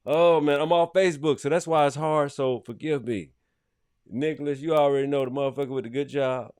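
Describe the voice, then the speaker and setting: A man's voice: on the high side, fairly even intonation, brisk, clean tone, dry recording. Loose, profane man on a dry mic. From Columbus, Georgia. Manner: loose, profane, loud bursts then trailing off. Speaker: podcast host. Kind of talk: casual shout-outs on a live show.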